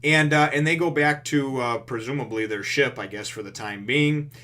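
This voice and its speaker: Rambling man with a bright, forceful voice. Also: mid-range voice, moderate pace. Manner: rambling, heavy on fillers and restarts; profane, relaxed retelling. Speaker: manga reviewer. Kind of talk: casual chapter review.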